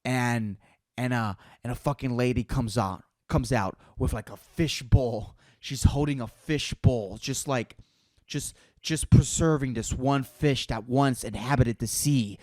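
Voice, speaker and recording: A man's voice: medium pitch, a little slow, a little mellow, no echo, studio quality. A man hosting a podcast alone, ranting in a profane, exasperated and rambling way. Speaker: podcast host. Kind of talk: solo rant.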